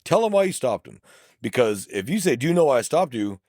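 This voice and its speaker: A middle-aged man from South Texas with a Texan accent, a police officer co-hosting a casual podcast chat, blunt and animated, acting out quoted dialogue. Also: mid-range voice, a little fast, dry recording, studio quality. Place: podcast studio.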